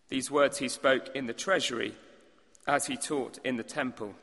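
Bright-voiced preacher man in a reverberant hall. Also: mid-range voice, steady tone, a little slow. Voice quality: clears throat now and then. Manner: emphatic, with rhetorical questions to the congregation. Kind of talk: sermon. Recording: long reverb of a large hall.

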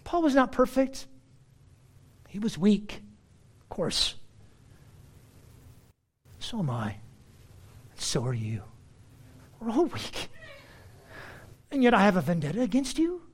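Animated preacher man, lively pitch. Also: slow pace, long pauses, slightly rough. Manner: animated, swings between loud emphasis and quiet asides. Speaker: pastor. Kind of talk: expository sermon.

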